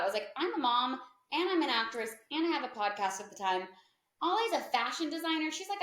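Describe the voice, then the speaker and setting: A woman in her thirties, a podcast guest, telling a story in a chatty way, full of "like" and acted-out quotes. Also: a little high. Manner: chatty, peppered with "like" and lively quoted asides. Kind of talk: casual storytelling in an interview. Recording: echoey room.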